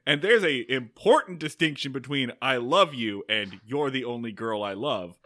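A young adult man co-hosting a casual podcast chat, animated and quick to quote lines and joke about them. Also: mid-range voice. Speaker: podcast co-host.

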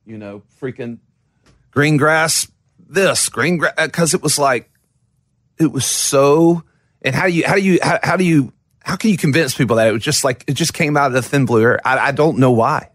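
A man's voice: mid-range voice, no echo, studio quality. A man who plays in a band, telling stories as an interview guest in a rambling, self-deprecating way with many restarts. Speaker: musician guest. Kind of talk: casual interview storytelling.

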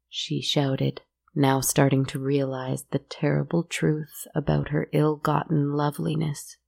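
A woman narrating a dark fairy tale in a measured, hushed storytelling manner. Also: sits low, little pitch movement, vocal fry.

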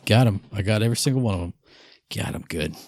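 A man's voice: lowish voice, animated, quick pace, darkish tone, slightly rough, no echo, studio quality. A man chatting and joking with a friend over a headset, swearing and breaking into sing-song bits. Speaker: streamer in a voice chat. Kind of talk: casual chat with a friend.

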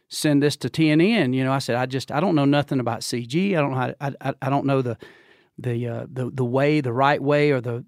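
A man's voice: no echo, studio quality. A man in his fifties from Georgia with a Southern drawl, telling a long story as a podcast guest and acting out the voices in it. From Georgia, USA. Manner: animated storyteller who acts out quotes with big pitch jumps and laughs. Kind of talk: casual storytelling chat.

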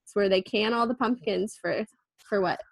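A woman in her thirties chats on a podcast, patiently coaxing a shy child and laughing often. Her voice sits at a middling pitch and is recorded dry and close. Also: moderate pace, gravelly, no room sound. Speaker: podcast guest, mother. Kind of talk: casual podcast chat.

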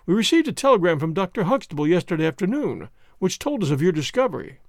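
A man's voice: high voice, very animated, quick pace, dry recording, studio quality. A man voicing a nervous young male secretary who speaks in an anxious, deferential way.

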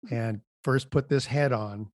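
A man's voice: mid-range voice, unhurried, darkish tone, dry recording, studio quality. A man in an improvised comedy scene, asking practical questions in a hesitant way.

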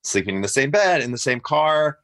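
A man's voice: medium pitch, fairly quick. A man, a guest on a casual video-call chat, telling stories with lots of laughter. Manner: animated storyteller, laughing often.

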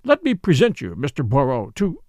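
A man's voice: mid-range voice, wildly swooping pitch, normal speed, a little mellow, dry recording. A man playing a pompous middle-aged French police commissary who speaks in a formal, insistent way.

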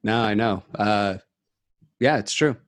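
A man's voice: fairly low pitch, slow, no echo. A man co-hosting a podcast, joking crudely and running himself down in casual chat. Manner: joking, crude, self-deprecating. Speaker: podcast co-host.

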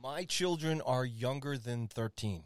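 A man's voice: medium pitch, measured pace. A man in his thirties co-hosting a podcast, teasing and joking in casual chat. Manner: teasing, playful, jokey asides. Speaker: podcast co-host.

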